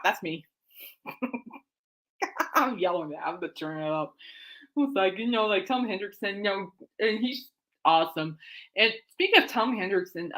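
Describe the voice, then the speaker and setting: A woman hosting her own podcast, chatting in a rambling, excitable way that often trails off and restarts. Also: fairly low pitch. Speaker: podcast host. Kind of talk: rambling casual chat.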